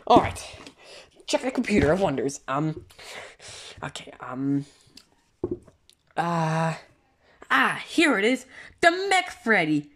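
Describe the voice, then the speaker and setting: A woman voicing a pushy, excitable male plush rabbit who whines and schemes through a plush toy video, full of fillers. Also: low voice, slow pace, pauses often, slight background noise, voice pushed down, exaggerated voice. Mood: scheming. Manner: whiny and scheming, rambles with fillers.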